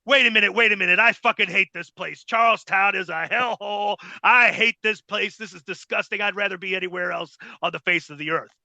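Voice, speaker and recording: A man impersonating a brash male wrestler who yells a crowd-baiting promo, flipping between praise and insults. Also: high voice, steady tone, fast, gravelly, hardly any pauses, no room sound, exaggerated voice. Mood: ranting.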